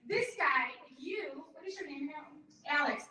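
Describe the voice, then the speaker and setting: A woman giving a live workshop talk to an audience, animated and acting out other people's lines in a higher voice. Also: moderate pace, a little hiss or hum. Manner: animated, acts out her mother's lines in a higher voice. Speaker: workshop presenter. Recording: echoey room, far from the mic.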